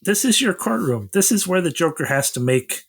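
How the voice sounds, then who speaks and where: A man's voice: sits high, moderate pace, creaky, husky. A man co-hosting a casual podcast, retelling a film scene by scene and acting out the characters' lines. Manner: animated storyteller, acts out quotes. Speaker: podcast co-host. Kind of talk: casual chat recapping a film.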